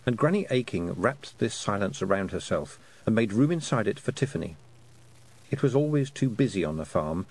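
A man narrating an audiobook in an expressive storytelling manner. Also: lowish voice, moderate pace. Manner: expressive storytelling, voicing the characters. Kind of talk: scripted narration.

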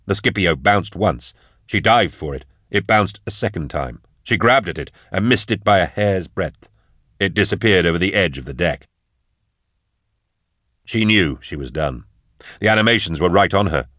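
A man reading an action story aloud in steady, measured audiobook narration. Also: deep voice, dry recording, clean studio sound.

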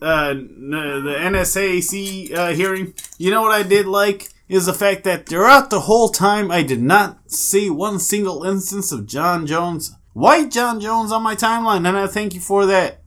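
A man's voice: high-pitched, normal speed, few pauses, a bit bright. A man co-hosting a fight podcast, swearing bluntly and laughing often in casual chat. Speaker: podcast co-host.

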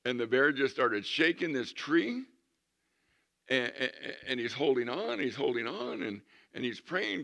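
A man's voice: medium pitch, expressive, normal speed, vocal fry, fairly bright tone. A man in his sixties, a pastor preaching a conversational sermon with humorous storytelling in a church. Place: church sanctuary.

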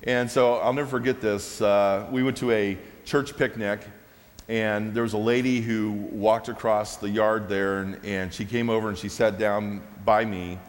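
Guy preaching a testimony story, kinda low voice, lots of echo from a big church hall. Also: normal speed. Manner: animated storyteller, laughs at own story. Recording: long hall reverb.

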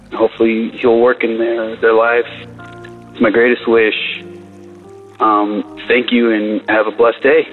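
A first-time male caller speaks in an earnest, halting way, pausing often as he thanks the hosts. His voice sounds thin and tinny, like it is coming over a phone. Soft music plays in the background. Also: medium pitch, monotone. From Southern California. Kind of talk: recorded voicemail to a podcast.

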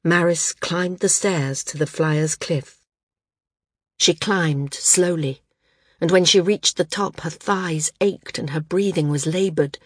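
A woman narrating a fantasy audiobook. Her telling is calm and even. The voice sits low and the recording is dry, with no room sound. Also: slow pace, breathy edge, no echo. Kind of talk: scripted narration.

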